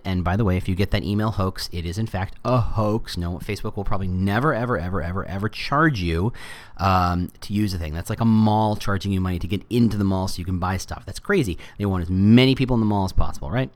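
A middle-aged man hosting a casual solo podcast, talking in an animated way with joking asides and quick put-on voices for quotes. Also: lowish voice. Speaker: podcast host.

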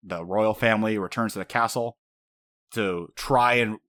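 Male host, low voice, dry close sound, animated storyteller. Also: moderate pace, no room sound. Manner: animated storytelling, frequent fillers. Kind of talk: casual anime recap chat.

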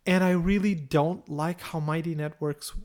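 Animated, laughing woman co-host. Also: sits low, moderate pace. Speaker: podcast co-host. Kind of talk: casual chat.

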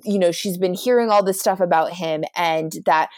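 Young woman, podcast co-host, casual recap chat, animated, cursing, dry close sound. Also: lowish voice, moderate pace, no echo. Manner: animated, profane, acts out quotes.

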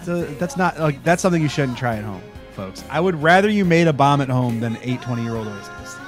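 A man's voice: mid-range voice, fairly quick. Male podcast host, chatty and playful, mid-range voice, over music. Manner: joking, animated impressions of characters. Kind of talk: casual chat recapping a TV episode.

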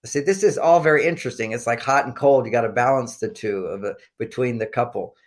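A man's voice: medium pitch, fairly quick. Older man explaining in rambling fashion. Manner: rambling, with frequent fillers and restarts; explanatory, coaching tone. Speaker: guest expert on relationships. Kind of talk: casual interview talk.

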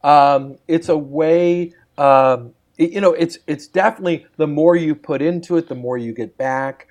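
A man's voice: on the high side, darkish tone. A man guiding listeners through a poem line by line over a remote call, laughing easily as he talks. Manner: slow rhythmic line-by-line recitation, laughs easily. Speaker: poet demonstrating poetry sessions. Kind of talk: warm guided demonstration.

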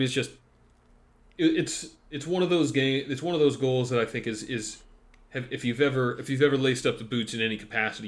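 A man's voice: mid-range voice, fairly bright tone. A man co-hosting a casual football podcast, talking bluntly and jokily with lots of restarts and fillers. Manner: blunt, rambling, jokey, full of fillers and restarts. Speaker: podcast co-host.

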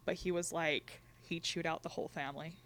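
A woman's voice: low-pitched, fairly quick, slight background noise. Young woman telling a personal story. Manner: laughs between lines, quotes others in lively voices. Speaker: guest sharing a personal story. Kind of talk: candid conversational storytelling.

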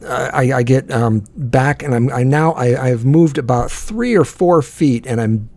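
Gravelly man, rambling and profane. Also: mid-range voice, a little slow, darkish tone, no echo. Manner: profane, rambling, many restarts. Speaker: podcast co-host telling a story. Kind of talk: casual chat.

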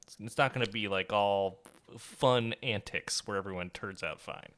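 A man co-hosting a podcast in casual chat, quick and given to laughing as he talks. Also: lowish voice, fairly bright tone. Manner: quick, laughs often, trails off. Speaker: podcast co-host.

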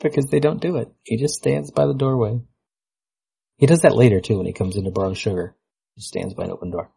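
A man's voice: medium pitch, steady tone, fast, creaky, mellow, breathy edge, low-quality recording. A man hosting a podcast in casual chat, dry and jokey. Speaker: podcast host.

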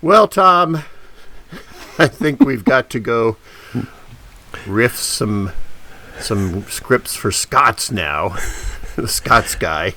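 A man's voice: mid-range voice, animated, very slow, long pauses, pushed and bright. A man co-hosting a comedy podcast, joking around, laughing often and slipping into silly voices. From Ireland. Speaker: podcast co-host. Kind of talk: comedic casual chat.

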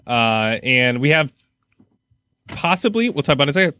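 A man's voice: mid-range voice, very animated, brisk, pushed and bright, dry recording, studio quality. A middle-aged man co-hosting a casual sports podcast, rambling and laughing often as he vents his frustration.

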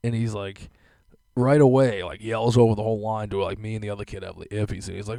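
A young man talks alone into a podcast mic, rambling from one story to the next and swearing freely. His voice sits a little low, and his laughs break in often. The room sounds dry and close. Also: fairly even intonation, fast, gravelly, dark tone, no echo. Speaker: podcast host. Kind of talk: casual solo podcast rant.

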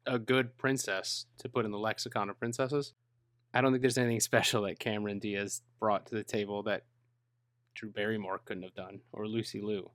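A man's voice: fairly low pitch, fairly even intonation, a little fast, fairly bright tone, dry recording, clean studio sound. A man in a casual movie discussion, earnest and opinionated, talking in long stretches.

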